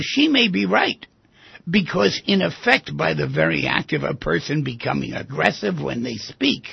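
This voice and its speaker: A man's voice: high-pitched, gravelly, breathy edge, no echo. An older man hosting a reflective talk radio monologue, acting out dialogues with patients. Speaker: radio show host. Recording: dull lo-fi broadcast recording.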